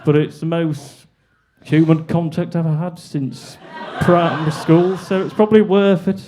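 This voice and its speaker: Giggly self-deprecating comic. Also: male voice, a little high, steady tone, measured pace, mellow, slight background noise. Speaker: stand-up comedian. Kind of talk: stand-up comedy set. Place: comedy club stage.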